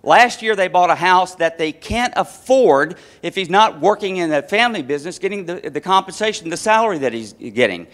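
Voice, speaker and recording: A man's voice: sits high, animated, a little fast, hardly any pauses, a bit bright, voice pushed up. A man doing an upset elderly mother. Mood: distraught. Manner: distraught, scolding, incredulous. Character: upset elderly mother scolding her grown son.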